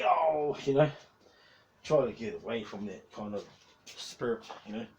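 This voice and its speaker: A man's voice: medium pitch, animated, unhurried, darkish tone, lo-fi sound. A man in his forties who rambles and swears heavily in a casual rant as a YouTuber, often breaking into laughs. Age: 40s. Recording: distant mic with faint background noise.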